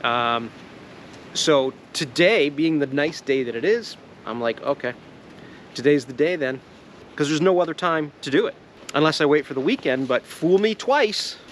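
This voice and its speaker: A man's voice: fairly high pitch, expressive, moderate pace, fairly bright tone, slight background noise. A Canadian man chatting casually in an outdoor vlog, rambling and joking, laughing often and swearing casually. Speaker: vlogger. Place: outdoors in the woods at a sap boil.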